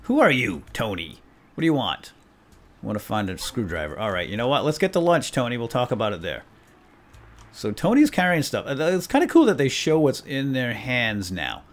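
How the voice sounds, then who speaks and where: A man commenting on a prison video game as he plays, excitable and jokey, reading game text aloud. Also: mid-range voice, normal speed. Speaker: let's play host. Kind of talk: gameplay commentary.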